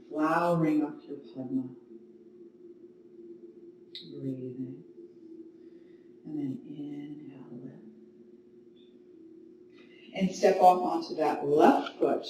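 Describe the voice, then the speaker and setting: A woman yoga teacher guiding a class and telling a story between poses, with calm, gentle cues. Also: low-pitched. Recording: very echoey room, mic at a distance, faint noise.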